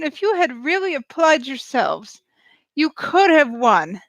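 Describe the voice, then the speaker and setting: A woman vlogger giving live reaction commentary, excitable and gushing, talking straight to her viewers. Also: fairly high pitch, takes it slowly, gravelly, dry recording, low-quality recording.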